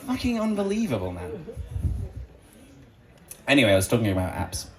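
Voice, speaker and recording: A man's voice: fairly high pitch, big pitch swings, brisk, long pauses, some chatter behind, low-quality recording. A man doing a stand-up comedy set, joking crudely and acting out quoted voices. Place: comedy club stage before an audience.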